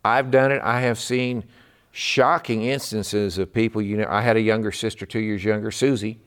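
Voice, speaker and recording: A man's voice: lowish voice, steady tone, moderate pace, a bit bright, smooth. A man from Texas preaching a midweek sermon in a fervent, emphatic way. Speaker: pastor.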